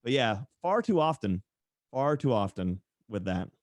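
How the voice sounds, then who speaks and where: Animated Southern man telling stories. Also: medium pitch, unhurried, no room sound. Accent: Southern American, mostly faded. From East Tennessee, USA. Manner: animated storyteller, sarcastic, acts out quoted people. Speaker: podcast guest, tattoo artist and streamer. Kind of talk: casual interview storytelling.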